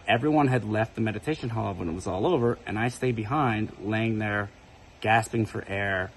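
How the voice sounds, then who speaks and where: A man's voice: lowish voice, slight background noise, poor audio. A man casually telling a personal spiritual story to camera, talking conversationally and often checking in with "right?". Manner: conversational, keeps asking "right?". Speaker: spiritual video creator.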